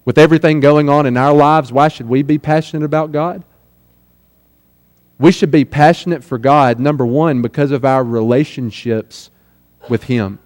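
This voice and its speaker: A young man preaching a sermon in a church, emphatic, slowing right down to linger on the key words. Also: a little high, a little mellow. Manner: emphatic, with slow drawn-out quoted phrases. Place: church sanctuary. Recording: long reverb of a church hall.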